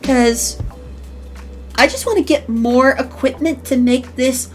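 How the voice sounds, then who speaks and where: A woman's voice: sits high, takes it slowly, long pauses, faint music behind. A woman streaming in casual chat, playful and crude, with a very flexible voice she switches around.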